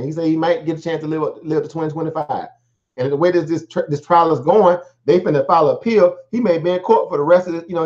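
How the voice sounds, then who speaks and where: A man's voice: on the high side, a little mellow. Rambling slangy man, dull stream audio. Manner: rambling, repeats himself, many fillers, slangy. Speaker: stock market live stream host. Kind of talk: casual live market commentary.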